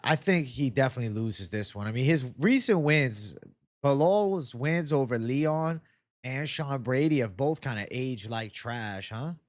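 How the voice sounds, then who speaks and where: A man's voice: medium pitch, lively intonation, measured pace, no room sound, studio quality. Casual, swearing man hosting a live stream. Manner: chatty, reads and answers viewer comments, swears freely. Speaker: MMA YouTube host.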